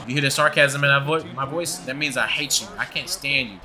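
A man's voice: medium pitch, fairly quick, hardly any pauses, over music. A young man giving profane, trash-talking gameplay commentary with a hyped, joking manner. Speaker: gaming video creator.

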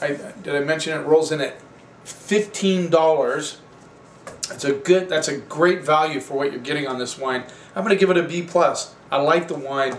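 A man hosting a wine show, tasting and reviewing wines in a relaxed, rambling, conversational way. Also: fairly high pitch, echoey room, far from the mic, a little hiss or hum.

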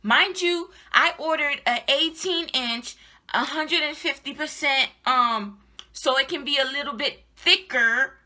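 Slow-talking, bright-voiced exasperated woman. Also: high-pitched. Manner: exasperated, repeats herself, swears. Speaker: hair reviewer vlogger. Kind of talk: casual ranting product review.

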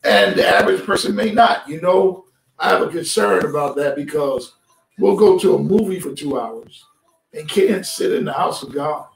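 Preaching a livestreamed sermon, this pastor talks with his congregation in a conversational way and invites them to respond. His fairly high, creaky voice swings widely in pitch at a moderate pace. It's picked up from a distance in a roomy church sanctuary, with music faint behind.

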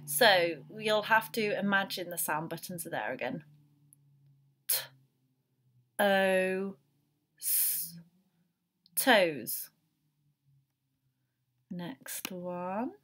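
A woman teaching a phonics lesson to young children, slowly sounding out each letter in turn. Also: lowish voice, fairly bright tone. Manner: slow, sounding out letters one by one.

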